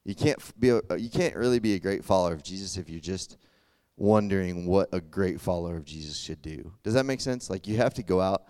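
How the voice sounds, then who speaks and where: Casual young male preacher, smooth voice. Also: low voice, a little fast, darkish tone, no room sound, clean studio sound. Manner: conversational, filler-heavy, often asks "does that make sense?". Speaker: youth pastor. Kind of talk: casual sermon.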